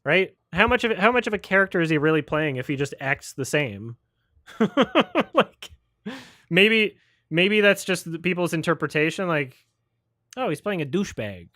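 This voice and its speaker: Guy on a stream trashing a movie, sarcastic and sweary, kinda high voice, dry close mic. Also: expressive, normal speed, pushed and bright, no echo. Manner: sarcastic, profane, mocking impressions. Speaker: host. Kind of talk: livestream film review chat.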